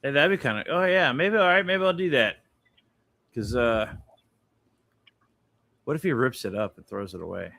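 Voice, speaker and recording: A man's voice: medium pitch, animated, normal speed, gravelly, long pauses, pushed and bright, no room sound. A man casually chatting about his drawings on a stream, laid-back and swearing freely as he explains his art. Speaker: artist showing his drawings. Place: indoor studio with his art panels behind.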